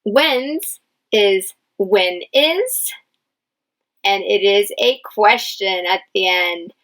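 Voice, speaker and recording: A woman English teacher leading a dictation lesson, speaking patiently and spelling out each word clearly. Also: mid-range voice, extremely slow, fairly bright tone, rough recording. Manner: patient, enunciates each word, stresses key words. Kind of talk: slow, clear classroom dictation.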